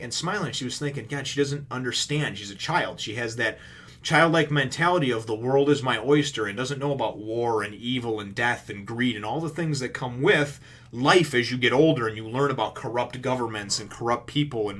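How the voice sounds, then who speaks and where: A man's voice: medium pitch, a bit bright. Man rambling through a manga recap. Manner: rambling, filler-heavy retelling with casual swearing; acts out characters' lines in quick paraphrase. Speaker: manga reviewer. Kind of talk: casual chapter recap.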